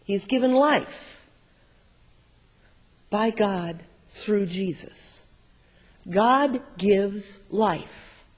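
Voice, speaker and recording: A middle-aged man preaches a sermon, storytelling and shifting between loud bursts and quiet moments. His voice sits fairly high for a man. A long reverb from the large sanctuary follows each phrase. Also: very slow, long pauses. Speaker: pastor.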